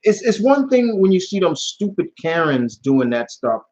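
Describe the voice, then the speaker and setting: In a lo-fi recording, a YouTube host with a high-sitting voice takes live chat questions at a moderate pace. His answers turn into loose, animated stories packed with slang and false starts.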